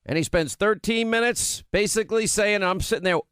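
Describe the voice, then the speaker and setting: Hard-hitting high-voiced male radio host. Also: a bit bright, clean tone, dry recording. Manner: mocking repetition of buzzwords, rapid-fire lists. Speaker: radio talk show host. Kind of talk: opinionated talk radio monologue.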